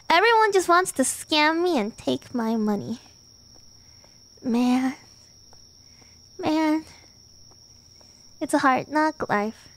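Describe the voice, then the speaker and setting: Young woman, game streamer, very high voice, lively and bouncy pitch, playful, swears freely. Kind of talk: casual game streaming chat.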